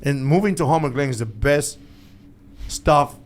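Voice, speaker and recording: A middle-aged man chatting as a studio guest on a podcast. His voice sits a little high, and he laughs often. His English is animated and loose, with non-native grammar. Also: moderate pace, slight background noise. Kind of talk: casual podcast chat.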